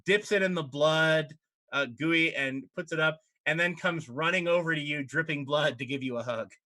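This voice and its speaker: Bright-voiced man narrating as dungeon master. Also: a little high, normal speed. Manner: animated, laughs through narration. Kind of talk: narrating a tabletop game.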